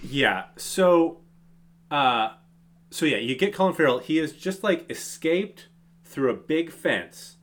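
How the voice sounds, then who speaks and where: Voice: medium pitch, animated, slow pace. A podcast co-host recapping a movie in incredulous, swearing casual chat.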